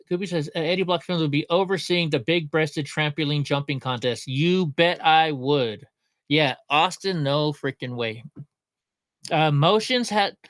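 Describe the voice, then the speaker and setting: A man's voice: a little high, fairly bright tone, dry recording. Rambling male livestream host, dry sound. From Alaska. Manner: rambling, joking, reads chat comments aloud. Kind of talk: casual livestream commentary.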